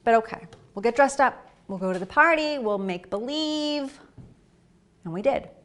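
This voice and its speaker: A woman's voice: a little high, moderate pace. Woman telling her own story onstage. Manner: animated storytelling, acting out her own quoted reactions. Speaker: speaker. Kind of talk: personal story talk. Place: stage talk.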